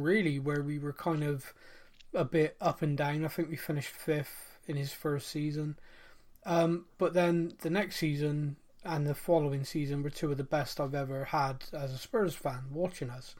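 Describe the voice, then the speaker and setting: Chatty rambling man, fairly high voice. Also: darkish tone. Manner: rambling, self-interrupting, fond of mimicking accents. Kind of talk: casual chat.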